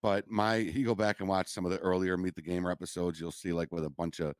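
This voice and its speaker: A man's voice: sits low, level tone, fast talker, clean tone, dry recording, studio quality. A man hosting a casual chat, easygoing and agreeable. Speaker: host.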